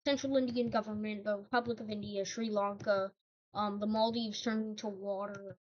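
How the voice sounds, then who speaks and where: A woman's voice: medium pitch, steady tone, normal speed, dull audio. A woman casually narrating over a map, hesitant, with frequent ums and self-corrections.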